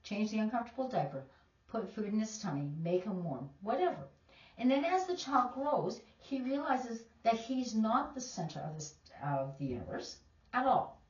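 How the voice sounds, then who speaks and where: A woman's voice: fairly high pitch, sing-song, normal speed. A woman teacher, giving emphatic, opinionated casual commentary. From Canada. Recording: distant, echoey, dull lo-fi.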